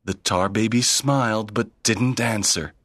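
Slow, dry-voiced male story narrator. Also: on the low side, fairly bright tone, dry recording. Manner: plain, simple sentences. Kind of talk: slow read-aloud storytelling.

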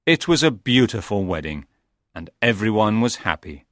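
A man narrating a simple storybook slowly and deliberately. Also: lowish voice, very animated, fairly bright tone, no echo, clean studio sound. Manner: slow and deliberate.

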